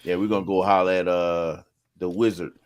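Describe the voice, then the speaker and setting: A middle-aged man with a fairly low voice, talking easily with friends in a slow, drawn-out way. He laughs often and lets his stories run long. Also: little pitch movement, a little hiss or hum. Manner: laid-back, laughs often, drawn-out storytelling. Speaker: podcast co-host. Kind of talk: casual chat among friends.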